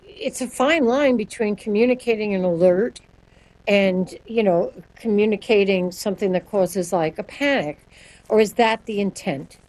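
A woman speaking as a sonic branding guest in an interview, answering in a quick, animated way and laughing often. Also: medium pitch, rough recording.

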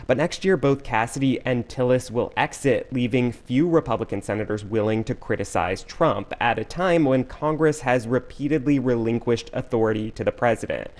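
Guy reporter doing a news piece, steady and clear, middle pitch. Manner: measured, clear delivery. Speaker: political reporter. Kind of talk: news report and interview answers.

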